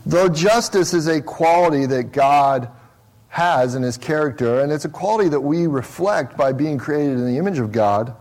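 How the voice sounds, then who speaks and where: A man's voice: fairly high pitch, darkish tone. A man preaching a sermon in a small church, talking casually and conversationally with many repeated restarts. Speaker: pastor.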